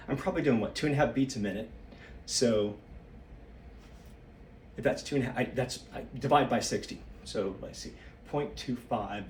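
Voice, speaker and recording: Breathless low-voiced man thinking aloud. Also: echoey room, recorded from a distance, a little hiss or hum. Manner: rambling, loses his train of thought. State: slightly out of breath. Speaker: solo practice vlogger. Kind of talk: thinking aloud while exercising.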